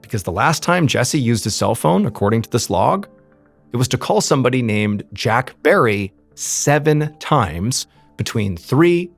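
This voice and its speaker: A man narrates a true crime story in a relaxed, conversational way, dropping in frequent "you know" asides. His voice is gravelly and a little husky, and his pitch rises and falls in a lively way. Faint music plays underneath. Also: measured pace.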